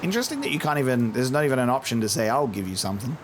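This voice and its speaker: Chatty profane gaming host. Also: male voice, mid-range voice, big pitch swings, very fast, noisy background. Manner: chatty, profane, laughs, mimics game characters. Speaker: let's play host. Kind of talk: casual gameplay commentary.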